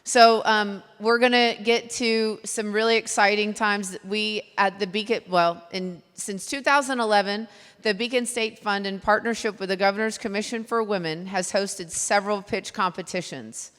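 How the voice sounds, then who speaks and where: A woman's voice: medium pitch, fairly even intonation, normal speed, a bit bright, clear, resonant tone. A woman with a Texan accent emceeing a live event, chatty and loose, poking fun at herself. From Texas. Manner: chatty, self-deprecating, loose. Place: event hall. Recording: long hall reverb.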